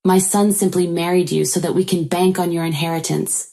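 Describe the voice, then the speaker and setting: A woman's voice: lowish voice, fairly even intonation, fairly quick, vocal fry, dark tone. A woman voicing a greedy, scheming mother-in-law who makes demands and pries.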